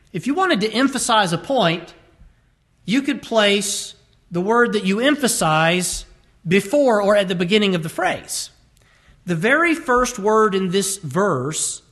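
A man with a fairly high voice delivers a sermon. He leans hard on key words, stretching some out slowly and rushing through others. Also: fairly bright tone. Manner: emphatic, varies pace to stress words. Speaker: preacher.

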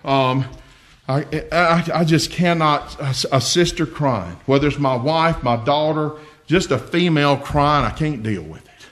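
Man, older, preacher, earnest folksy sermon, fairly high voice. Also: a little slow, a bit bright. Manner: folksy and earnest, telling homely stories with humor.

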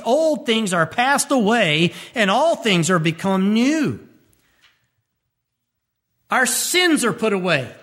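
High-pitched guy pastor doing a radio sermon, punchy, says stuff twice for emphasis. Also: bright, forceful tone. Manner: emphatic preaching, repeats key phrases, pitch leaps up when stressing points.

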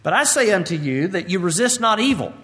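A pastor delivers an expository sermon, reading scripture in a measured King James cadence before explaining it briskly and emphatically with rhetorical questions. His voice is high, sing-song, pushed and bright.

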